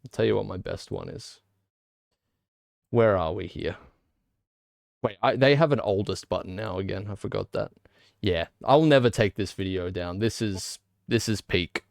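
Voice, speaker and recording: A man's voice: fairly low pitch, moderate pace, creaky, pauses often, dry recording, studio quality. A man with an Australian accent chatting casually while streaming a game, rambling and joking with mock indignation. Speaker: gaming streamer. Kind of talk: casual live-stream chat while playing.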